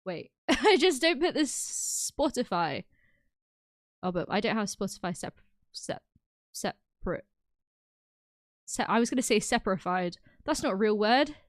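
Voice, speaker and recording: Young woman, streamer, bubbly and giggly, lively up-and-down voice, bright and a bit high, dry close sound. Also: moderate pace, no room sound. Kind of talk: casual chat with live chat.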